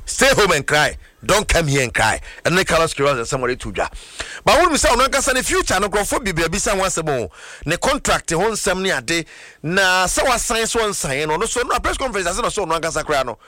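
A man with a Ghanaian accent hosting a sports chat, animated and mixing Twi with English. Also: high-pitched, fast, dry recording, studio quality. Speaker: sports show host.

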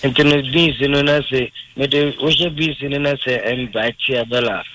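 A man's voice: medium pitch, fairly even intonation, normal speed, bright, forceful tone, slight background noise, rough recording. A man calling in to a radio show, talking animatedly and calling the host by name again and again. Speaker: caller. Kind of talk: call-in radio chat.

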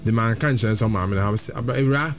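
A man's voice: medium pitch, fast, slight background noise. A man preaching a sermon, repeating phrases and trading short responses. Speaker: pastor.

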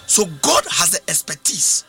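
A man's voice: high-pitched, very animated, moderate pace, gravelly, bright, forceful tone, faint music behind. A man preaching a sermon, emphatic, switching languages and repeating phrases. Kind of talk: sermon with interpreter.

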